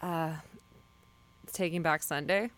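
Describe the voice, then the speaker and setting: A woman's voice: low-pitched, steady tone, takes it slowly, a bit bright. A woman guest on a casual podcast giving blunt, short answers and swearing casually.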